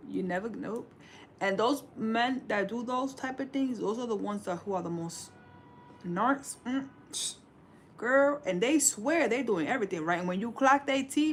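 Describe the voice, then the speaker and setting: A woman's voice: fairly high pitch, normal speed, a little hiss or hum. Sassy woman in her forties giving advice. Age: 40s. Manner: sassy, preachy, calls everyone baby. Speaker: livestream host. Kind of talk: casual relationship advice to live viewers.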